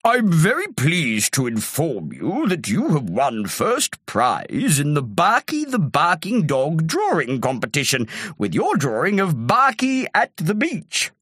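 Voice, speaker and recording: A woman's voice: low voice, huge pitch swings, measured pace, hardly any pauses, a bit bright, husky, no echo, studio quality, heavily acted. A woman reading a storybook aloud, voicing a formal, polite adult male chauffeur.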